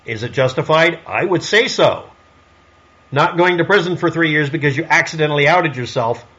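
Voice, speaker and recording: A man's voice: on the high side, lively intonation, normal speed, a bit bright, lo-fi sound. A man delivering a solo commentary monologue in a snarky, sarcastic way, firing off rhetorical questions. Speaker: online commentator.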